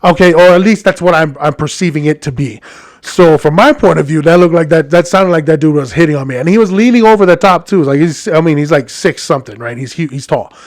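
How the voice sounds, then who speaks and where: A man's voice: fairly high pitch, fast talker, no echo, clean studio sound. A man with a Hawaiian accent telling a story as a podcast host, in a rambling, chatty monologue addressed to his listeners.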